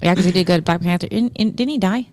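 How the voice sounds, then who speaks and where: A woman's voice: on the low side, fast talker, darkish tone, dry recording. A woman co-hosting a casual comedy podcast, chatting loosely and often searching for words. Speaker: podcast co-host.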